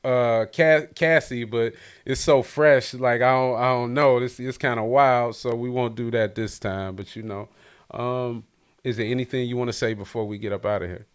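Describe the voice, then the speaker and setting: Man, podcast host, casual interview, hyped, mid-pitched voice. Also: normal speed, clean tone. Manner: hypes up guest, loud and excitable.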